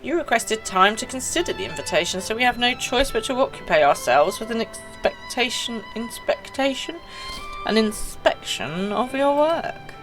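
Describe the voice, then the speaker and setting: A woman reading out the lines of a calm, formal male scholar in a measured way. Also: a little high, music in the background, voice pushed up, rough recording. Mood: composed.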